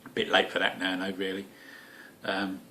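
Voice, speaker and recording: Cheeky Essex man, lowish voice. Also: completely flat delivery, normal speed, pushed and bright, a little hiss or hum. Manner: cheeky, jokey, lots of fillers and swearing. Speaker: homebrew video host. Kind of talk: casual chat to camera.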